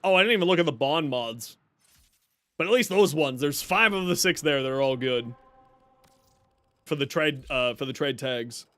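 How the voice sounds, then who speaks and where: A man's voice: fairly high pitch, lively intonation, moderate pace, pauses often, a bit bright, no room sound. A male streamer giving casual gameplay commentary, a chatty storyteller who laughs often, talking into a desk mic.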